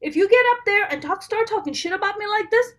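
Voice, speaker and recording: A woman in her late thirties, from Pakistan, talks comedy and tells stories in an animated way. Her voice sits high and her pitch moves a lot, and she slips into the voices of the people in her stories. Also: quick pace. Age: 30s. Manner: animated storytelling, acts out quoted exchanges. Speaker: comedian and show producer. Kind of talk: casual interview chat.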